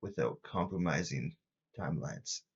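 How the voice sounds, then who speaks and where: A man voicing a cold entity that speaks through a young man in a flat monotone. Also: sits low, a little slow, husky, lo-fi sound, full character voice. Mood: flat, cryptic.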